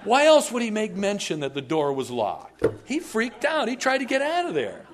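A man's voice: sits high, wildly swooping pitch, moderate pace. A man preaching a sermon as a pastor, telling the story with animation and humorous asides.

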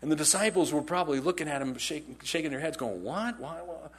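A male pastor delivers a sermon with a husky, slightly breathy voice that sits a bit high for a man. He talks conversationally, circling back and repeating phrases to drive a point home. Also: quick pace. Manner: animated storytelling, acts out quotes in character.

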